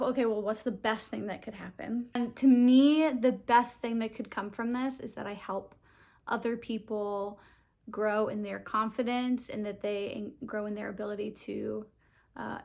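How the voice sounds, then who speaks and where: A woman's voice: medium pitch, creaky. A young woman talking earnestly and openly to camera in a casual vlog, laughing now and then. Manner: earnest, open, tearful at times, laughs often. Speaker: vlogger starting a channel. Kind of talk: heartfelt casual vlog talk.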